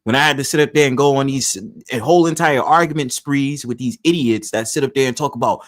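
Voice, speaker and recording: A man's voice: mid-range voice, fast talker, fairly bright tone. Blunt, opinionated New man. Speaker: livestream host. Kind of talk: casual livestream talk.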